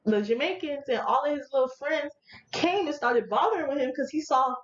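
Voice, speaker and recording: Young woman, casual storytime vlog, animated slangy delivery, fairly high pitch, echoey room, muffled lo-fi audio, faint hiss. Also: a little fast. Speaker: vlogger.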